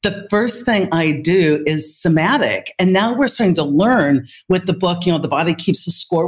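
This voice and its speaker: A woman with a slightly lower voice tells a workplace story in an interview. She speaks as a leader in healthcare. Her delivery is animated and vivid.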